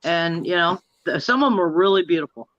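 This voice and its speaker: Enthusiastic middle-aged man in casual chat, high bright voice, dry muffled lo-fi sound. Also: expressive, fairly quick, no echo. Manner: enthusiastic, laughs easily. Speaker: guest in a livestream chat.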